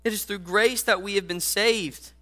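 A man's voice: sits high, steady tone, moderate pace, pushed and bright. A man preaching a sermon earnestly, speaking directly to his listeners as guys.

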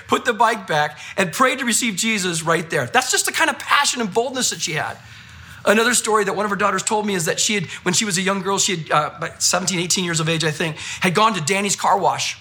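A male pastor preaching a sermon, telling stories in an animated way and repeating phrases for emphasis. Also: high voice, fast talker.

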